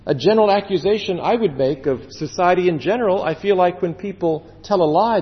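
A man preaching a sermon as pastor, earnest, stretching words for emphasis and dropping suddenly to a hush. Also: high-pitched. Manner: earnest, with slow drawn-out emphasis and sudden drops to quiet. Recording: dull echoey hall sound.

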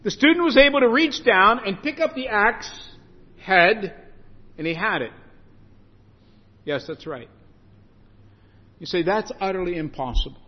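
A man preaching a sermon to his congregation, lively and animated, acting out the scripture story in voices. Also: high-pitched. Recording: muffled echoey hall.

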